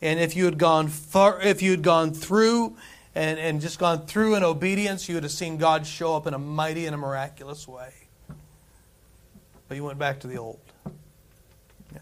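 A man's voice: on the high side, fairly even intonation, moderate pace, pauses often. Man preaching in a loose, conversational way. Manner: conversational preaching, repeats phrases for emphasis. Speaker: pastor. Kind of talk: sermon.

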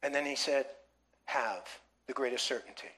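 A man's voice: medium pitch, normal speed, bright, forceful tone. A man preaching a sermon in a church, emphatic, with many rhetorical questions to the congregation. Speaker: pastor.

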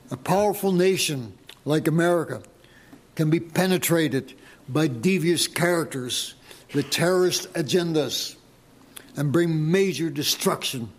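A man preaching a sermon to his congregation, slow and deliberate, pressing his listeners with emphatic questions. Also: a little high. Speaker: pastor.

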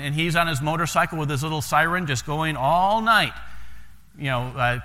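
A man's voice: on the high side, pushed and bright, big-room sound. A missionary pastor with an American accent tells stories to a congregation in a folksy way, often repeating words as he starts a sentence. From United States. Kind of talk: sermon storytelling to a congregation.

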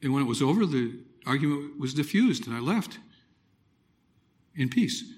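A middle-aged man preaching a personal testimony, telling it dramatically with loud exclamations and hushed, near-whispered moments. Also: medium pitch, expressive, normal speed. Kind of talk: sermon testimony.

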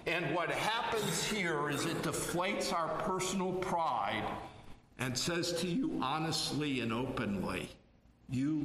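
A man preaching a sermon as pastor, with slow, measured delivery and frequent hesitant pauses. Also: a little high, a bit bright, a little hiss or hum. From Chicago area. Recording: echoey hall, voice from far off.

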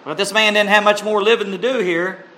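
A man preaching a sermon in a slow, earnest, heartfelt way, with emphatic rises and an occasional cleared throat. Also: high voice, steady tone, pushed and bright. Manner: clears throat now and then.

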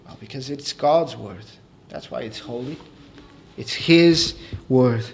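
A man preaching a sermon, explaining calmly and then building to raised, emphatic delivery. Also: medium pitch, takes it slowly, a little hiss or hum.

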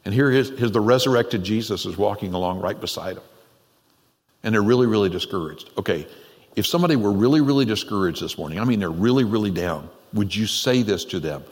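A man pastor preaching a conversational, animated sermon in a church, with frequent laughs. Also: on the low side, fairly quick. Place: church sanctuary. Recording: long reverb in a church hall.

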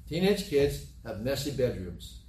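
A man's voice: medium pitch, sing-song, a little slow, a little mellow, a little hiss or hum. A middle-aged man preaching a sermon as pastor, telling homely stories with a folksy, repetitive manner. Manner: folksy storytelling, repeats himself. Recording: roomy, from a distant mic, faint ambience.

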